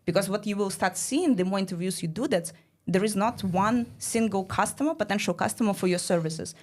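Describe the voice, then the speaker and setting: Quick-talking woman explaining business ideas. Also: medium pitch, darkish tone. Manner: explanatory, peppered with "like". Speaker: guest, startup studio founder. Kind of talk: casual podcast conversation.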